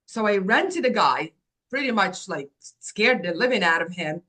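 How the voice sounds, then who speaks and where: A woman from Morocco, an agency founder appearing as a guest, tells personal stories in an interview. Her middle-pitched voice is animated as she acts out quoted dialogue, with quick restarts along the way.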